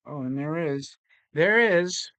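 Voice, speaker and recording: Man, toy collector host, casual rambling chat, swears a lot, fairly high voice, dry close sound. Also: animated, takes it slowly, fairly bright tone, smooth, dry recording.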